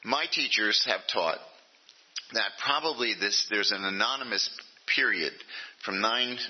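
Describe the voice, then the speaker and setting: A man's voice: lowish voice, unhurried, slightly rough, lo-fi sound. An older man, a rabbi, giving an informal lecture to an adult class, talking conversationally and checking in with his listeners often. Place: meeting room with a class.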